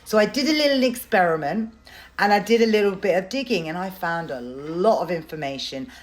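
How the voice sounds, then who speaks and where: A woman's voice: fairly low pitch, lively intonation, fairly quick. A woman telling a story-time vlog in a blunt, sarcastic way and swearing now and then. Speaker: content creator.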